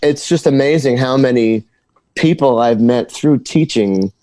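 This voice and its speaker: A musician tells stories in a relaxed interview, tripping over words and restarting his sentences. His voice sits at an ordinary pitch and sounds dry and close. He talks like a regular guy swapping stories. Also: no room sound. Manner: halting, repeats words, laughs while telling stories. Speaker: guitar teacher and musician. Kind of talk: casual interview storytelling.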